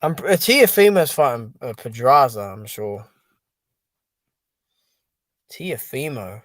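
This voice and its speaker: A man talking alone to his viewers about fights, exasperated and dismissive, with "dude" and "man" tacked onto his lines. His voice sits at an ordinary pitch and sounds close and dry, with no room around it. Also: huge pitch swings, slow pace, long pauses, no echo. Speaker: boxing commentary channel host. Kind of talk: casual solo boxing and MMA commentary.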